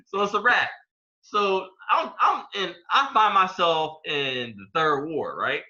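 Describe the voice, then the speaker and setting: A young man co-hosting a podcast, telling a story in casual chat with laid-back slang, going quiet at its serious parts. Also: high voice, animated, takes it slowly, lo-fi sound. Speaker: podcast co-host.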